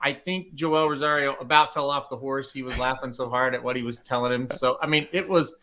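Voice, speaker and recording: A man co-hosting a casual podcast, telling animated stories and laughing often. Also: medium pitch, fairly quick, a little hiss or hum. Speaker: podcast co-host, site owner.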